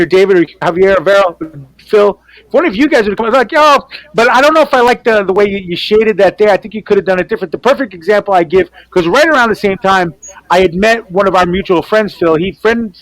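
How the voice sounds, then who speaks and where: A man, an artist, chatting casually and telling animated stories, acting out other people's voices and swearing freely. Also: sits high, rough recording. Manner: animated storyteller who acts out quoted voices. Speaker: artist on a team panel show. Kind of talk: casual storytelling chat.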